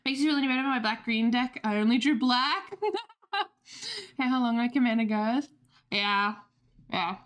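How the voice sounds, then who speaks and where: A young woman with a fairly high voice chats casually on a livestream. She rambles, swears freely and drops in laughing asides between stories. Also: steady tone, a little fast. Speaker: streamer.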